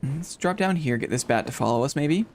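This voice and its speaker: A man streaming a game live, chatting with his viewers, thinking out loud, repeating short phrases and getting jumpy and excitable during fights. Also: a little high, a little fast, slight background noise. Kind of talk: live gameplay commentary.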